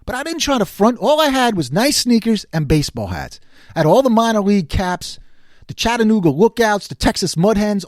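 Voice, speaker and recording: A man's voice: high voice, dry recording, clean studio sound. An older man from the New York City area, ranting and complaining in a casual, sarcastic monologue. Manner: animated, sarcastic, exasperated complaining. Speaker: commentary show host.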